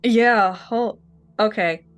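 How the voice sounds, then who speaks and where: A woman playing a tabletop game, describing her character's actions with hesitant, quick asides. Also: medium pitch. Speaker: player. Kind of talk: casual play at a tabletop game.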